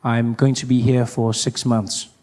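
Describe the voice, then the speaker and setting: A man voicing a confused foreign traveler at an airport, answering in slow, halting words. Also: mid-range voice, flat delivery, dark tone, pitched below the performer's own voice, close to an everyday voice. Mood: baffled.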